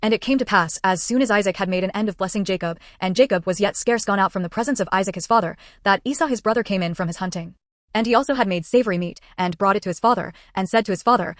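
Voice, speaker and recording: A woman narrating a Bible passage in a steady, even reading cadence. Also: mid-range voice, fast, dry recording, clean studio sound. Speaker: Bible reader.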